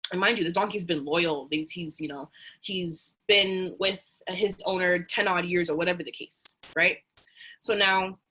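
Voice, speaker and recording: A woman telling an earnest motivational story in a casual, animated way. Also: fairly low pitch.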